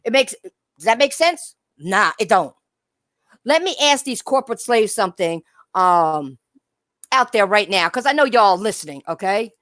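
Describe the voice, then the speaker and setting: A woman's voice: on the high side, a bit bright, dry recording. A woman hosting a gaming talk channel, ranting heatedly with mocking rhetorical questions. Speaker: channel host.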